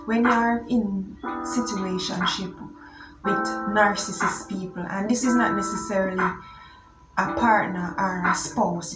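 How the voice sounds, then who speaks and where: A woman vlogger talking in a casual, chatty way, often filling with "you know" and "guys". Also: mid-range voice. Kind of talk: casual chat. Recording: echoey room with loud music.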